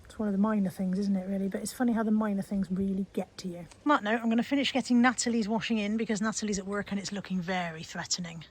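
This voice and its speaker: A woman's voice: mid-range voice, steady tone, racing, hardly any pauses, a little mellow, slightly rough, poor audio. A woman vlogging casually to her camera, with wry, self-deprecating storytelling. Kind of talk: casual chatty vlog.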